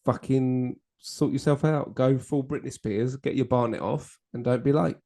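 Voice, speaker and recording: A man's voice: medium pitch, fairly even intonation, moderate pace, dark tone. A man co-hosting a casual drinks podcast, swearing, laughing and teasing his friend. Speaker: podcast co-host. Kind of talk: casual banter over drinks.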